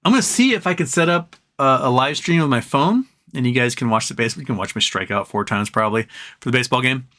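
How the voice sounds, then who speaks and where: A man's voice: mid-range voice, lively intonation, quick pace, fairly bright tone. A man hosting a live stream from home, chatting casually, answering viewer comments and trailing off into rambles.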